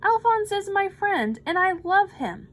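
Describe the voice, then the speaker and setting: A woman voicing an earnest young boy who pleads for his pet in a storybook reading, his lines pitched high and eager. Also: expressive, measured pace, a bit bright, heavily acted.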